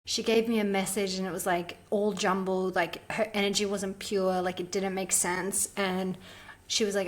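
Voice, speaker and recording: A woman's voice: medium pitch, normal speed. A woman with a mid-range voice tells a personal story as a podcast guest. She talks casually and chattily, and she fills her sentences with "like" as she animatedly recounts what happened. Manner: chatty, frequent "like" fillers, animated retelling.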